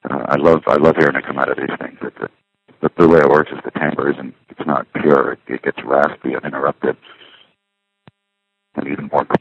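Very deep-voiced man on a tinny payphone. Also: level tone, a little fast, vocal fry, dry recording. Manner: meandering, self-correcting, wry. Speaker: caller leaving a spoken diary. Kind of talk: rambling casual monologue. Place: city street payphone. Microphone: payphone handset. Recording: tinny payphone line with faint street noise.

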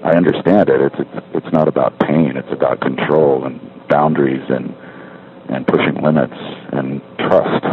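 A wry, self-correcting middle-aged man rambles into a street payphone handset, leaving a casual spoken diary. His bass voice holds a steady tone at normal speed, while the tinny line carries faint street noise.

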